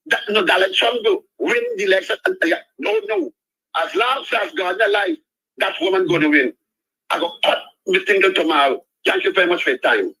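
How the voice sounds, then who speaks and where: Man, 60s, caller, bright tense voice, swooping lively pitch, impassioned rambling. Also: husky, no echo, poor audio. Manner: rambling, impassioned, drawn-out words. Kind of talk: call-in talk radio.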